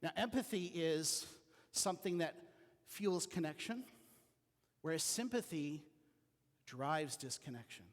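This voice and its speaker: A man preaching a sermon as pastor, telling personal stories in an earnest way that drops to a quiet voice. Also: on the high side, animated, unhurried, pauses often, long reverb tail. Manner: earnest storytelling with quiet dips. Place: church sanctuary.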